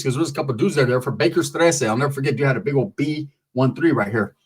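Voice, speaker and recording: A middle-aged man telling a comic street story, animated and profane. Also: mid-range voice, fast talker, breathy edge.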